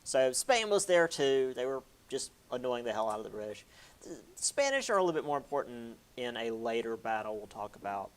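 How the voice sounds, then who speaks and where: A man's voice: medium pitch, big pitch swings, brisk. A man giving a casual history lecture, chatty, with many fillers and playful quoted asides.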